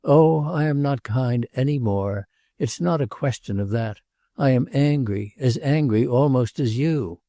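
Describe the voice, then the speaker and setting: A man's voice: medium pitch, unhurried, warm tone, dry recording, lightly acted. A man voicing an elderly woman, tired and blunt, in an audiobook reading. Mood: weary. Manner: dry, tired, refusing.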